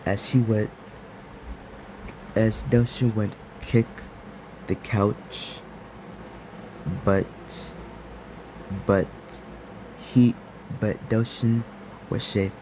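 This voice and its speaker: Slow, halting male storyteller. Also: lowish voice, flat delivery, noisy background. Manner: halting, full of repeats and restarts. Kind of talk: improvised fan story narration.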